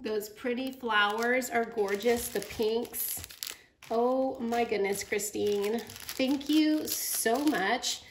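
Casting: effusive woman, bright higher voice, echoey room with faint hiss. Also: takes it slowly. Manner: gushing, effusive. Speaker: craft vlogger. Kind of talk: casual unboxing chat.

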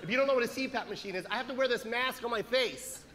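A male comedian telling a profane story in stand-up, animated, acting out the scenes. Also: very high-pitched, quick pace, slight background noise.

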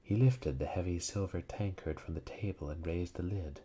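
A man reading an old horror story aloud in a slow, solemn, dramatic manner. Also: sits low, dark tone, breathy edge. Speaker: reader.

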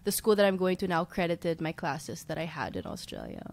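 A young woman from the Philippines with a Filipino accent, chatting as a podcast guest, laughing often and filling pauses with "um" and "like". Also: lowish voice, very animated, creaky. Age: young adult. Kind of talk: casual chat.

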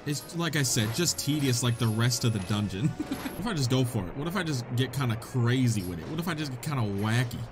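A young man hosting a gaming channel and giving excitable, joking let's-play commentary, laughing often. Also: mid-range voice, fairly quick. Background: game music.

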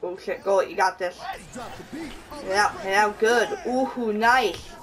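A woman's voice: mid-range voice, unhurried, distant mic, soft background music, low-quality recording. A young woman giving casual gameplay commentary, laughing often and swearing at her own plays. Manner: giggly, laughs often, swears while playing. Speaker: gaming channel host.

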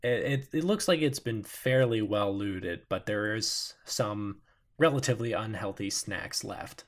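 A man's voice: fairly low pitch, measured pace. Hesitant man running a tabletop game. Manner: relaxed, hesitant, many "uh"s. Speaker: game master.

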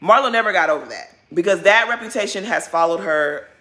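A woman vlogger talks with a bright, cutting edge. She delivers outspoken, casual commentary, calls people out directly and curses without hesitation. Her points come back again and again with emphatic repetition. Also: fairly low pitch, lively intonation, brisk. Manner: blunt, outspoken, swears freely. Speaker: reality TV recap vlogger.

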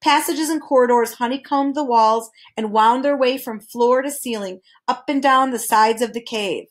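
A woman reads a children's novel aloud, her voice a little higher than most. She tells the story calmly and expressively. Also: moderate pace. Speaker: reader.

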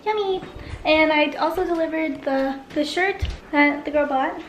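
A woman's voice: high voice, steady tone, normal speed, slight background noise. A young woman chatting casually in a vlog, upbeat and full of fillers. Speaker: vlogger.

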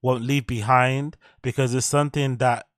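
A man's voice: mid-range voice, fairly even intonation, moderate pace, dry recording, clean studio sound. A man hosting a podcast, giving blunt, rambling, sweary commentary in a casual chat. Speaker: podcast host.

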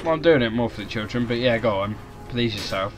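A man's voice: medium pitch, lively intonation, fast talker, music in the background. A man doing casual, jokey let's-play commentary with plenty of swearing. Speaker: gaming YouTuber.

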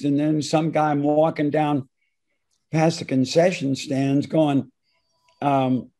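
A man's voice: on the high side, level tone, takes it slowly, warm tone. A man guest telling rambling stories in an interview, often interrupting himself. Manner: rambling anecdotal, self-interrupting. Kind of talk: storytelling interview.

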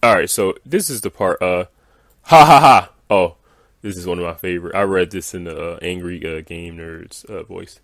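A man with a very deep voice rants as he reads through viewer comments, exasperated and dismissive, with many "like" and "uh" fillers. The recording is dry and close to the mic. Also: fairly even intonation, moderate pace, a bit bright, no echo. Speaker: gaming video creator.

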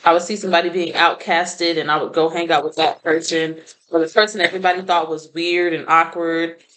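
A woman's voice: lowish voice, level tone, brisk, a bit bright, a little hiss or hum, low-quality recording. A woman doing a casual tarot reading, blunt and profane, laughing often. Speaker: tarot reader.

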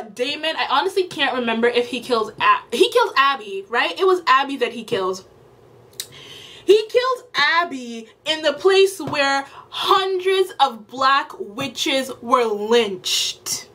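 A woman's voice: high voice, very animated, takes it slowly, bright, forceful tone. A woman video creator delivering an exasperated, emphatic rant in a casual commentary vlog, often repeating herself for effect.

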